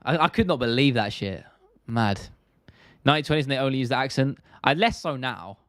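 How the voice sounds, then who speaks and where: A man's voice: medium pitch, lively intonation, a little fast, fairly bright tone, dry recording. South London male streamer, mid-range voice, casual and blunt, dry close sound. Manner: chatty, blunt, swears freely, drops T's. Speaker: MMA stream host. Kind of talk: casual live-stream chat reading viewer comments.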